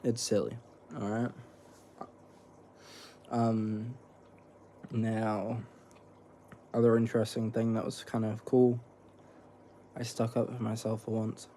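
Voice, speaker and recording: A man's voice: lowish voice, completely flat delivery, slow, pauses often, warm tone, a little hiss or hum. A young man, chatting casually in a rambling, slangy vlog while snacking, swearing freely. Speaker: vlogger. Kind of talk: casual eating vlog chat.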